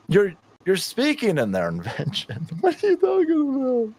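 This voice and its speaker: A man's voice: very high-pitched, huge pitch swings, moderate pace, a little mellow, husky. A man in his fifties doing sarcastic reaction commentary on a stream, mocking, ranting and laughing often. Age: 50s.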